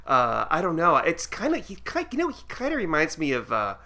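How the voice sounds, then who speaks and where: A man co-hosting a podcast in casual chat, animated and laughing often. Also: brisk. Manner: animated, laughs often, jumps to high excited pitch. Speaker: podcast co-host.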